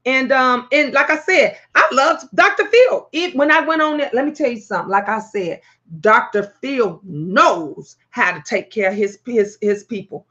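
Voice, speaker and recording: A woman hosting her own talk vlog, telling stories in a brash, profane, animated way. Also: a little high, moderate pace, muffled recording. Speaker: talk show host.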